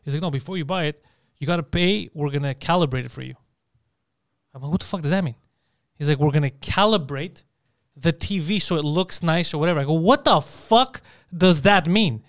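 A man casually telling a profane, animated story, acting out the people he quotes. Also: a little high, fast talker, pauses often, no room sound, clean studio sound. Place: Montreal area.

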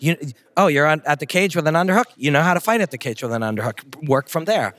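A man's voice: a little high, lively intonation, fast, fairly bright tone. A middle-aged man from Canada, a guest telling stories in an interview, emphatic and blunt with salty language. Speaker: guest, fight commentator. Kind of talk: casual interview storytelling.

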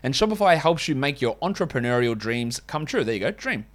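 A man's voice: mid-range voice, big pitch swings, brisk. Wry, rambling man. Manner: wry, rambling, self-mocking asides. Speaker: fantasy basketball podcast host. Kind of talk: casual podcast chat and host-read ads.

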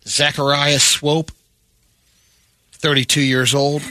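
A man's voice: a little high, little pitch movement, slow pace, sharp tone, no room sound. A man co-hosting a morning radio show, casually reading out odd news stories.

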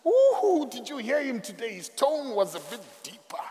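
A preacher squealing as fretful frightened soldiers. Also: male voice, extremely high pitch, huge pitch swings, normal speed, mellow, slight background noise, exaggerated voice. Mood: scared. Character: frightened gossiping male soldiers. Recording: echoey hall.

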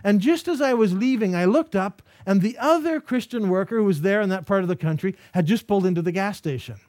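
A middle-aged man giving a storytelling lecture, animated and acting out the voices of the people in his stories. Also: sits high, fast talker, no echo, studio quality.

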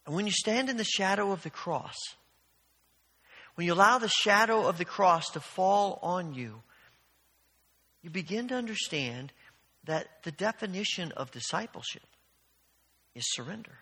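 A man's voice: sits high, lively intonation, a little slow, pauses often, bright, forceful tone, breathy edge, in a large hall. A man preaching a sermon as pastor, earnest and storytelling, often restarting his phrases.

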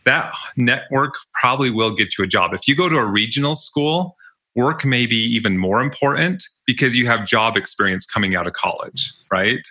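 A man's voice: medium pitch, animated, moderate pace, sharp tone. A young man telling stories about his college jobs in a casual, chatty way, often laughing. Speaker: podcast guest. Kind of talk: casual storytelling interview.

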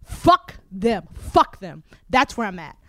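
A woman's voice: medium pitch, sing-song, slow, a bit bright, dry recording, studio quality. A woman in casual chat who speaks bluntly and heatedly, repeating herself and swearing often.

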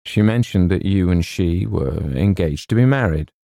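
A man reading an audiobook, voicing a mild, hesitant young gentleman close to his own voice. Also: sits low, expressive, moderate pace, gravelly, no room sound. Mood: flustered. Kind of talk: audiobook character voice.

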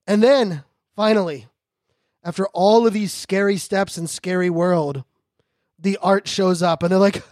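A man hosting a podcast, talking fast and joking in a high-energy casual monologue. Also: a little mellow, dry recording, studio quality. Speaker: podcast host.

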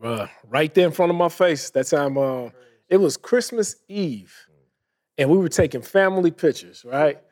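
A man in his thirties, a podcast co-host telling a family story in casual chat, animated and laughing often. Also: on the high side, moderate pace.

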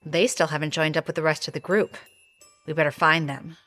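A woman's voice: deep voice, fairly even intonation, a little fast, fairly bright tone, faint music behind. A woman voicing a hungover, wisecracking observer with a dry, sardonic manner. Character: wry, hungover woman watching over others.

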